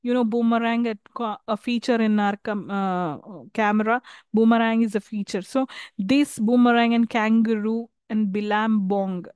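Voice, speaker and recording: A woman's voice: on the high side, steady tone, normal speed, darkish tone, smooth, no echo. A woman with an Indian English accent giving a live university lecture, hesitant with many fillers and restarts, checking in with her listeners.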